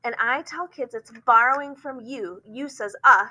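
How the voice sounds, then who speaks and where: A woman teacher explaining phonics, often pausing with "um" and sounding words out slowly. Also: fairly high pitch, sharp tone, rough recording. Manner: explanatory, frequent "um" fillers, slow demonstrations of words.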